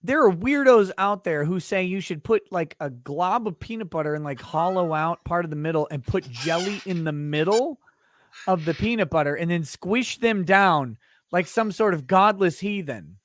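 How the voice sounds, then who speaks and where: A man hosting an interview over a video call, asking playful, quick questions. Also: high-pitched, expressive. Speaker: host. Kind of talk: casual interview chat.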